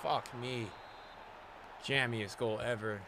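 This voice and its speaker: A young man giving live commentary on his own football video game match to his chat, excitable, swearing often and yelling at big plays. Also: medium pitch, slow pace, slight background noise. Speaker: game streamer.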